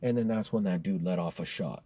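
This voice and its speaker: Man, low voice, husky, casual profane storytelling, laid-back. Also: fairly quick, dark tone.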